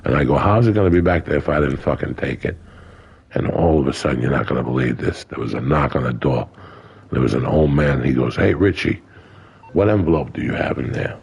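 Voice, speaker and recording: A man's voice: rumbling low, expressive, a little fast, vocal fry, darkish tone, slightly rough, low-quality recording. An older man telling stories in a casual interview, colorful and profane, acting out other people's lines. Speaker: guest. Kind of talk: casual storytelling.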